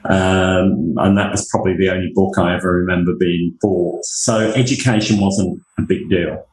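His voice is deep and darkish, his tone steady, his speed normal. He's a middle-aged English university leader with a Northamptonshire accent, rambling through self-deprecating stories as a conversational interview guest. The audio is poor and roomy.

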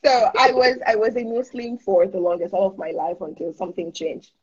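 A woman's voice: mid-range voice, fairly even intonation, fairly quick, breathy edge. A woman with a Nigerian accent, co-hosting a casual faith chat on a livestream, chatty and playful. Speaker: co-host. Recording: dull lo-fi livestream audio.

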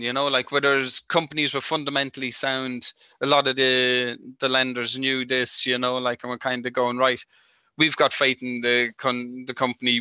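A man's voice: mid-range voice, sharp tone, smooth, no echo, dull audio. A man answering interview questions about lending, talking in loose, rambling sentences full of "you know, like" fillers. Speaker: industry guest.

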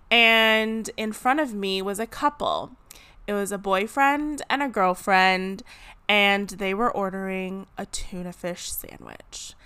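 Brief: young woman, bright crisp voice, chatty and dramatic, dry close sound. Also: mid-range voice, dry recording. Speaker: vlogger. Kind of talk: casual storytelling.

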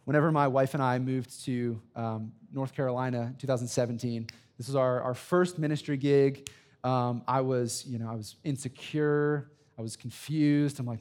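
A man's voice: mid-range voice, steady tone, moderate pace, darkish tone. A man in his thirties, a student pastor preaching a sermon with emphatic, repetitive phrasing, often checking in with "right?" and telling personal stories. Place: church sanctuary.

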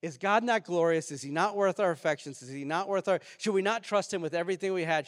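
A man preaches in a lively, animated way, his voice sitting a little high. He rises into loud outbursts and then drops into quiet, reflective stretches. The sound carries the long reverb of a large hall. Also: fast, few pauses. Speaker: pastor. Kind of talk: sermon. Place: church sanctuary.

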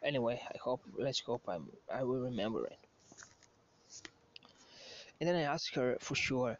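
A man's voice: mid-range voice, animated, moderate pace, long pauses, dull audio, a little hiss or hum. A man casually telling a story as a vlogger, rambling with many restarts and asides.

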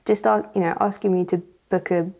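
A woman's voice: mid-range voice, fairly even intonation, a little fast, gravelly, mellow. A woman sharing her personal testimony as a church guest, talking hesitantly with many fillers.

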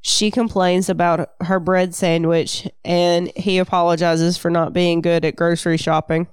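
Woman, lower voice, dry sound, casual book chat. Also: flat delivery, unhurried, clean tone, no room sound. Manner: chatty, summarizing. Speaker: podcast co-host.

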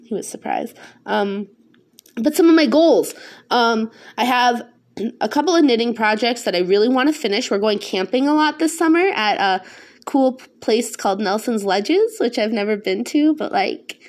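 Woman podcaster, somewhat high voice, rambly casual chat, warm toward her listeners. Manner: rambling, chatty, with frequent fillers; self-conscious and affectionate. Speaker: podcast host.

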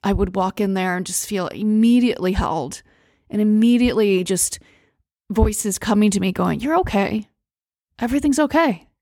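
An American woman hosting a podcast, talking through a personal story in a halting, emotional way with many pauses and restarts. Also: mid-range voice, dark tone, no echo, studio quality. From United States. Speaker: podcast host. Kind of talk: personal monologue.

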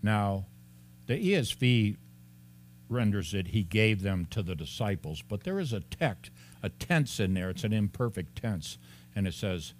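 A man preaching an expository sermon as a pastor. He talks in an animated way, laughs often and acts out the lines of the people in the story. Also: fairly low pitch, measured pace, a little hiss or hum.

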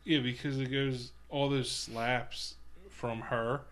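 A man's voice: mid-range voice, flat delivery, slow pace, fairly bright tone. A man co-hosting a podcast, rambling through a movie plot with lots of "like". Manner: rambling recap full of "like", voices scenes. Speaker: podcast co-host. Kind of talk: casual movie chat.

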